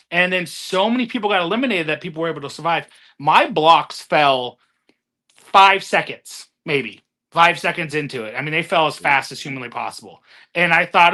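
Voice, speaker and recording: A man in casual group chat, telling animated stories and laughing often. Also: fairly high pitch, normal speed. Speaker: guest contestant.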